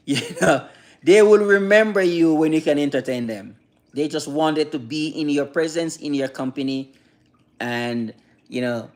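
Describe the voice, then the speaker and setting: A man talking casually on a livestream, rambling and repetitive, with many restarts and asides to viewer chat. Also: a little high. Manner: rambling and repetitive, many restarts, keeps asking "you know what I mean"; reads and answers viewer chat. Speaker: livestreamer giving advice.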